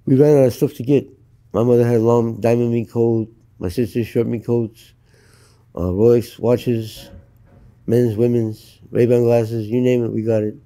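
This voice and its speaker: A middle-aged American man tells his story in an interview, blunt and full of profanity. His voice is very dark and mellow. He sits at an ordinary middle pitch and speaks flatly, as if stating plain facts. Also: normal speed. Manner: blunt, profane, matter-of-fact. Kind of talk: candid storytelling. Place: Los Angeles.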